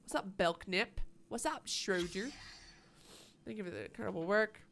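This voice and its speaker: A woman's voice: mid-range voice, normal speed, creaky, fairly bright tone, a little hiss or hum. A woman live-streaming a game, with playful, sarcastic commentary and plenty of swearing. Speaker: gaming streamer.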